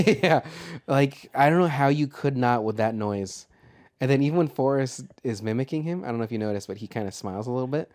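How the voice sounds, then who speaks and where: A man co-hosting a movie podcast, chatting casually with a loose, profane and animated manner. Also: mid-range voice, fairly quick. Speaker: podcast co-host. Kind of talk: casual chat.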